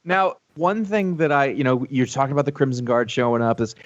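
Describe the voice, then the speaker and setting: A man's voice: medium pitch, a little fast, dry recording. A man co-hosting a podcast who chats casually and cuts in eagerly. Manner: excitable, interjects, restarts. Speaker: podcast co-host. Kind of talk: casual chat. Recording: dry, dull lo-fi sound.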